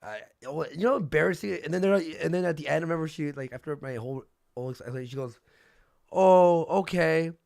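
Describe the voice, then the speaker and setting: Man, gravelly voice, a bit high, dry close mic, casual livestream storytelling, animated. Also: fast, few pauses, no echo. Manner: animated storytelling, swearing, acts out quoted people. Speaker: stream host.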